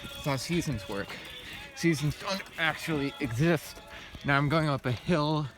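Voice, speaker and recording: Music plays beneath the voice of a man with a highish tone who talks a little slowly as he walks uphill outdoors before dawn, vlogging. The monologue is loose and meandering, packed with swearing and fillers like um and like.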